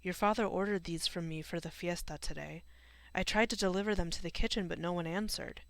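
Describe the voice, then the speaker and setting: Brief: soft-spoken older-man neighbor, put on by a woman, dry close sound. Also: lowish voice, steady tone, fairly quick, dry recording, close to an everyday voice. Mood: polite. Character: kindly middle-aged male rancher neighbor.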